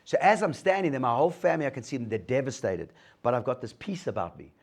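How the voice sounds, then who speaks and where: A man's voice: mid-range voice, very animated, fast talker. A middle-aged man gives a motivational talk to an audience, telling his story and acting out the dialogue. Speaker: guest speaker sharing a recovery story.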